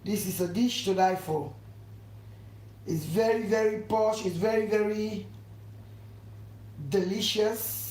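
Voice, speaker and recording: A woman's voice: mid-range voice, steady tone, takes it slowly, pauses often, a little mellow. Echoey woman hosting a live cooking stream. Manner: repetitive, effusive, keeps urging viewers to subscribe. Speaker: cooking channel host. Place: home kitchen during a live cook. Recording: echoey room with faint background noise. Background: faint household noise.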